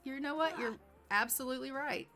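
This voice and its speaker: A woman's voice: high-pitched, a little fast, bright, forceful tone. A woman hosting casual gameplay commentary, chatty and full of fillers like "like" and "um". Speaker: gaming channel host. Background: faint game music.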